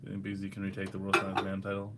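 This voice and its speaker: A man's voice: low-pitched, completely flat delivery, rapid-fire, heavy background noise. A young man hosting a casual livestream, hungover, reading chat questions aloud and answering in a laid-back, profane way.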